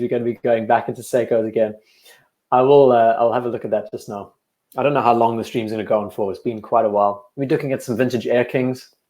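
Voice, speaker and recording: A young man whose accent mixes South African and English talks in a relaxed, rambling way as he reads out viewer comments. His voice sits at an ordinary middle pitch. He is recorded in an echoey room at home. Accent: blend of South African and English. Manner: relaxed, rambling, answers chat questions between watch remarks. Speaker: watch channel host on a live stream. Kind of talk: casual live-stream chat, reading viewer comments.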